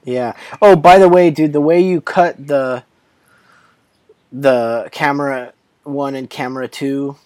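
A man's voice: mid-range voice, fairly even intonation, takes it slowly, darkish tone, dry recording. Casual guest: talkative man, self-mocking, dead dry mic. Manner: chatty and self-deprecating, laughs often. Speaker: documentary subject and guest. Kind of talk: casual chat.

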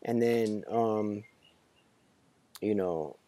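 A man's voice: on the low side, extremely slow, dark tone. A man in a casual chat, chatty and self-deprecating, laughing often as he talks. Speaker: documentary subject and guest.

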